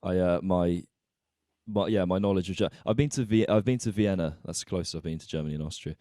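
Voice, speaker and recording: In this casual podcast conversation, the male host speaks quickly in a deep, dark voice, asking rambling questions that frequently trail off and restart. It's recorded clean in a studio, with no room sound.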